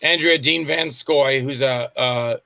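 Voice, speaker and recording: A man, a film director, telling lively anecdotes in a casual interview, acting out the voices in his stories. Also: medium pitch, takes it slowly, vocal fry, dry recording. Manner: animated anecdotes, acts out voices and shouts. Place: Tampa area, Florida.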